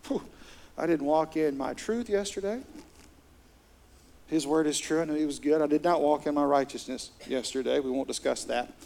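A man's voice: a little high, normal speed, gravelly. A middle-aged man, preaching a sermon as pastor in an earnest, conversational way. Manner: earnest, conversational, with soft laughs.

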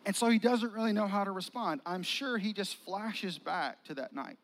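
A male pastor preaches by retelling a story in a casual, vivid way. His voice sits high for a man. He keeps it conversational rather than formal. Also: moderate pace, a bit bright, rough recording. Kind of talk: sermon.

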